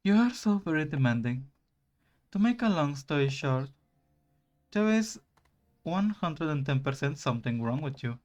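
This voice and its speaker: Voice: mid-range voice, sing-song, moderate pace, long pauses, a little mellow, close to an everyday voice. A streamer voicing a grim reaper in a visual novel, reading his lines with dry, exasperated put-downs. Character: grim reaper, aloof male, blunt and sarcastic. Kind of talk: reading game dialogue aloud.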